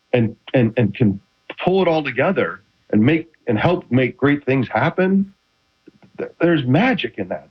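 Middle-aged ex-athlete guest, expressive pitch, dull lo-fi sound. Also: male voice, husky. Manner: animated storytelling with many restarts. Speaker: retired quarterback guest. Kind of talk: casual interview chat. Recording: dull lo-fi audio.

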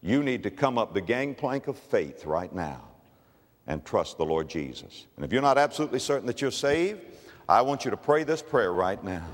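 A man preaching an evangelistic sermon, pleading and building emphatically to loud exhortation. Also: on the low side, sing-song, moderate pace, in a large hall.

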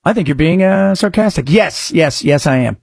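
Sarcastic man hosting with a husky voice. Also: fairly high pitch, animated, moderate pace, no echo, studio quality. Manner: sarcastic, mock-shouting outbursts. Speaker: show host. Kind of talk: satirical political commentary.

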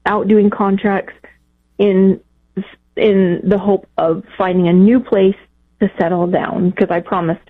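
A woman calling in to a radio advice show, talking in a halting, emotional way with many pauses and fillers. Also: medium pitch, steady tone. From Texas, United States. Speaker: caller. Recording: phone-line call.

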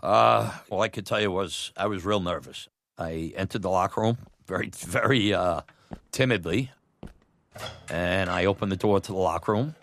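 A middle-aged man telling a personal story, animated and laughing often, acting out what others said. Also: low voice, moderate pace, creaky, dry recording. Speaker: storyteller, former batboy. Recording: music bed under voice.

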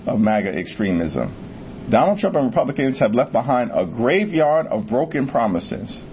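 A man's voice: medium pitch, darkish tone, highs cut off, slight background noise. A man from New York making firm, emphatic remarks at a news conference.

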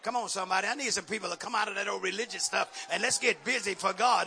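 A male pastor preaching a sermon with fiery energy, shouting at the peaks and dropping in repeated amens. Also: high-pitched, fast talker, few pauses.

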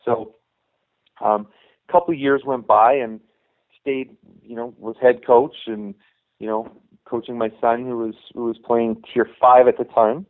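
A middle-aged man who coaches youth hockey spins a lengthy tale during a relaxed interview, his medium-pitched voice moving at a moderate pace. The sound is thin and phone-like, and his telling is full of false starts and "you know."

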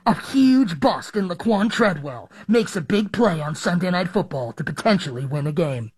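A booming, mock-epic movie trailer narrator, his pitch swooping high and low, as a man puts him on. The sound is close and dry, with no room echo. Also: expressive, moderate pace, darkish tone, slightly rough. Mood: mock-dramatic.

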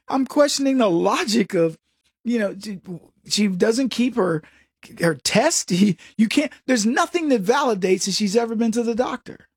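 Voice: mid-range voice, animated, a little slow, husky, dry recording, studio quality. A commentator giving a sarcastic opinion monologue, mocking people and acting out quotes.

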